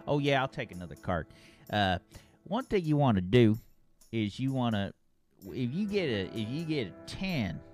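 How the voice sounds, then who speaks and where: A man's voice: mid-range voice, darkish tone, natural voice. A man voicing a chatty male blackjack dealer with a Southern American accent, rambling through advice.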